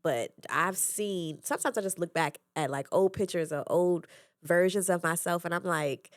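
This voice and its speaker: A young woman, a guest on a podcast, talking candidly and reflectively in casual chat with quick laughs. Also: on the low side, dry recording, studio quality. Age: young adult.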